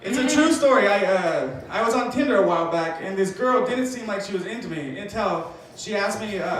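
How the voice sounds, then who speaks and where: A man doing a stand-up comedy set, telling deadpan dark jokes and acting out voices, with audience laughter behind him. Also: high-pitched, brisk, few pauses, a little hiss or hum. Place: comedy club stage. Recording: echoey club from far off, crowd laughing.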